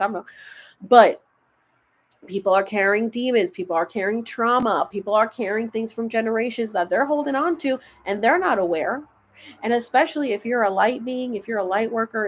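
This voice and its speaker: A woman hosting a casual spiritual livestream, chatting and rambling, often losing her thread. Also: medium pitch.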